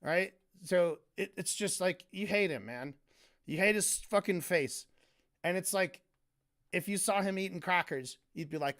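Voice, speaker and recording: A man with a high voice rants on stream about a video he is reviewing. He sounds exasperated and sarcastic, and he swears freely. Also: unhurried, fairly bright tone. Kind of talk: casual commentary rant.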